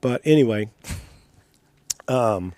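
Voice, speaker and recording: A man's voice: medium pitch, animated, slow, darkish tone, no echo. A middle-aged man, a retired racer being interviewed, chatting casually in a rambling way with frequent self-corrections.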